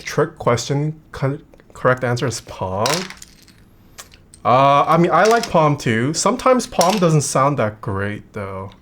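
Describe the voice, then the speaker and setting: This mid-range voice belongs to a streamer who slowly reads viewer questions aloud and tosses off answers, frequently fading out while typing. A faint hiss or hum sits under the relaxed chat.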